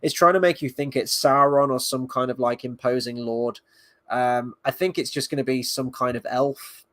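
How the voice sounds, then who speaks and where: A man's voice: medium pitch, fairly even intonation, moderate pace, a bit bright, dry recording. Male reviewer, mid-range voice, dry close recording, loose sarcastic delivery with swearing. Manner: rambling, sarcastic, swears, mocks scenes in quoted voices. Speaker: video reviewer. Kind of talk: casual spoken review.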